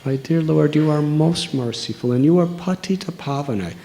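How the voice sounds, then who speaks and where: A man's voice: on the high side, mellow, slight background noise. A man, giving a sermon as a monk in an earnest, storytelling way. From United States. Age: 60s. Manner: slow, earnest storytelling with long pauses. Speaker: monk giving a religious discourse.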